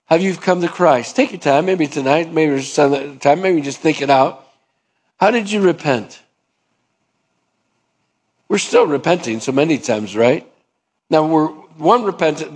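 A middle-aged man preaching a sermon with a voice pitched a little high. He is emphatic and acts out short quoted dialogues, swinging his pitch up and down. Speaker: pastor.

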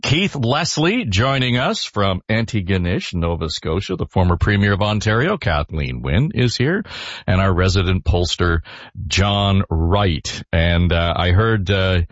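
Low-voiced man hosting a panel podcast. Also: no echo. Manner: relaxed, chatty, with many filler pauses. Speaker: podcast host. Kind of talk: casual panel chat. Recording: dull, dry studio sound.

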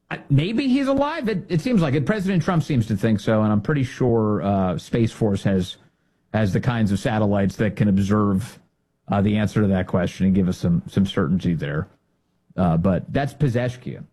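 A man's voice: fairly low pitch, warm tone, breathy edge. A man doing political commentary, mocking and sarcastic, who mimics the people he talks about. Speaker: commentary host.

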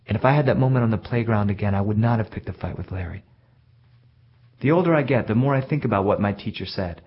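A man's voice: on the low side, quick pace, slightly rough. A man earnestly telling a personal story from his childhood in a reflective way. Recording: dull lo-fi recording.

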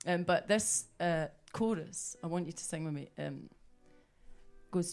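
Scottish woman, folk singer, fairly low voice, jokey stage banter, faint music behind. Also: unhurried, a little mellow. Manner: storytelling, jokey, coaxing the audience to sing. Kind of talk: chatty between-song banter.

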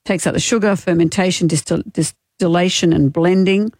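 A woman's voice: on the low side, steady tone, moderate pace, a little mellow, no room sound. A woman co-hosting a radio show, telling stories in casual banter with a dry, teasing manner. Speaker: radio co-host.

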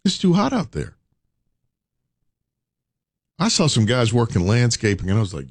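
A man's voice: medium pitch, wildly swooping pitch, normal speed, no echo, studio quality. A man hosting a radio show, urging listeners with preacher-like repetition. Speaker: radio host. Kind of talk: morning radio talk.

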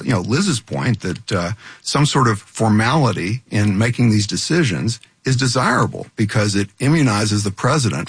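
A man on a news panel giving analysis deliberately, with frequent restarts. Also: fairly low pitch, breathy edge, no room sound. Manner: deliberate, many restarts and fillers. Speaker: panel guest, legal analyst. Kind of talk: panel discussion.

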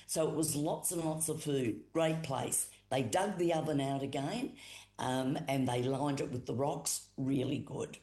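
An Australian voice, middle in pitch, tells an old creation story at an easy pace, coming back to the same phrases and leaning on the key moments. The room around the mic rings with a clear echo. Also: darkish tone. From Boandik country, South Australia. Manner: unhurried, repetitive storytelling with pauses and emphatic retellings. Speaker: Aboriginal storyteller and cultural educator. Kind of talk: oral telling of a creation story. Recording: echoey room.

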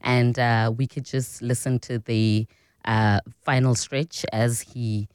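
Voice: mid-range voice, flat delivery, takes it slowly, darkish tone, clean tone, dry recording. A radio co-host with a mid-range voice reading out listener feedback. The delivery is chatty and agreeable, full of affirmations to the host, and the studio sound is dry. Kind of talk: morning radio chat.

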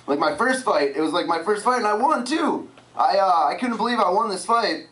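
Man, twenties, stand-up comic, self-mocking, animated pitch, roomy, off-mic. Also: a little fast. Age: 20s. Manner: lively, self-mocking storytelling. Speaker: stand-up comedian. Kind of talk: stand-up comedy set. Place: comedy club stage. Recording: roomy, distant club recording. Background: audience laughter.

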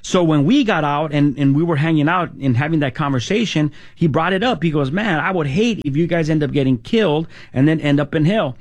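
A man's voice: on the high side, brisk, few pauses. A man telling his own life story as a testimony, with many restarts and fillers, and voicing friends' lines in casual street slang. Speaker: testimony speaker.

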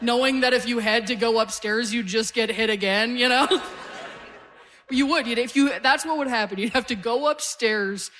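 A woman's voice: a little high, normal speed, a bit bright. Middle-aged woman doing stand-up. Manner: storytelling, acting out family members in quotes. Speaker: stand-up comedian. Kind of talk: stand-up comedy set. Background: audience laughter.

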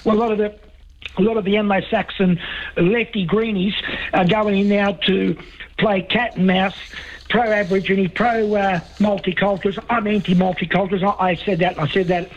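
Rambling high-voiced Australian caller, muffled line. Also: male voice, fairly even intonation, normal speed. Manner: rambling, emphatic, repeats himself. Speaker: talkback caller. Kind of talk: talkback radio call. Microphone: telephone.

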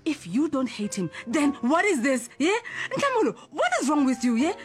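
A woman's voice: high voice, sing-song, moderate pace. A woman with a South African accent plays a hot-tempered mother who scolds and accuses her child in dramatic outbursts. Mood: accusing. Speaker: comedy skit actor.

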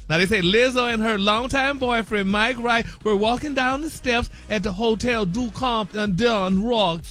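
High-voiced man dishing sassy celebrity gossip. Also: normal speed, fairly bright tone, soft background music. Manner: flamboyant, sprinkles "honey" and "baby", laughs at own jokes. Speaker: celebrity news presenter on a morning show.

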